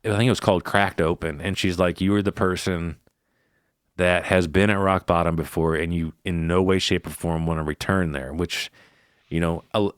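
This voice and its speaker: A man co-hosting a podcast, retelling a story in a casual, profane, animated way with quoted dialogue. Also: deep voice, dry recording, clean studio sound. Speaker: podcast co-host. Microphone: podcast microphone.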